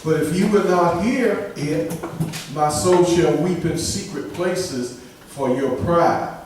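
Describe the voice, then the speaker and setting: A man reading scripture aloud slowly and deliberately during a sermon. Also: a little high, a little mellow, very echoey, distant mic, slight background noise, poor audio. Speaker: scripture reader.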